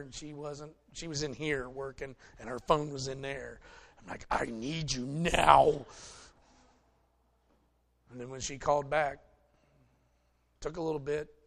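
A middle-aged man preaching a conversational sermon, folksy and joking as he talks straight to his congregation. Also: medium pitch. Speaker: pastor.

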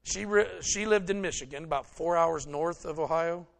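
A middle-aged male pastor gives a relaxed, folksy sermon and talks to the congregation as if chatting with friends. His voice sits a little above the usual male pitch. He slips in wry jokes between the points he makes. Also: moderate pace, creaky. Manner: folksy, joking, speaks to the congregation directly. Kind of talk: conversational sermon.

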